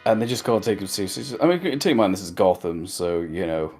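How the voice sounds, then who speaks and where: A man's voice: sits low, lively intonation, fast talker, a little mellow, soft background music. A man co-hosting a casual review chat, rambling through jokey recaps with lots of fillers. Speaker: podcast co-host.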